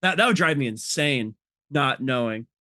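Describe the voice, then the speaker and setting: A man hosting a podcast, chatting casually and relaxed. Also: medium pitch, normal speed, no room sound, clean studio sound. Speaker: podcast host. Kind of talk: casual chat.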